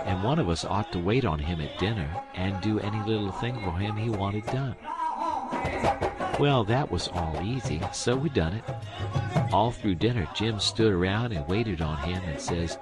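A man's voice: sits low, lively intonation, normal speed. A man narrating an audiobook in a plain, folksy storytelling manner. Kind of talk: audiobook reading. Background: music.

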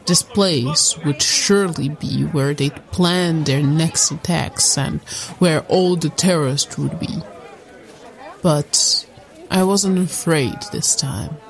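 A woman narrating a scripted first-person story in a solemn, measured reading. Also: low voice, vocal fry, a faint crowd, low-quality recording.

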